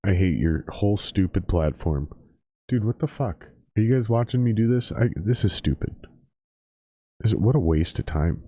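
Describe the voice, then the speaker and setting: A man's voice: fairly low pitch, animated, normal speed, dark tone, breathy edge, no room sound. A man hosting a casual show, swearing and grumbling to himself in exasperation as he drinks. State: drinking while talking. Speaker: podcast host. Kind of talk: casual profane rant and phone chat.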